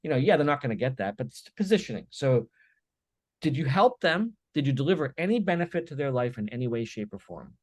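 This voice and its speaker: A man speaking as a guest on a business podcast, with energetic, emphatic storytelling full of quick "right?" tags. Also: mid-range voice, no echo. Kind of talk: podcast interview.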